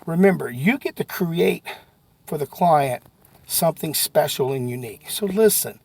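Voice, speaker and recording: A man giving a folksy, animated sales lesson that breaks into sudden shouts. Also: fairly high pitch, normal speed, creaky, husky, no echo. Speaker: sales trainer. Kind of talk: motivational sales talk to camera.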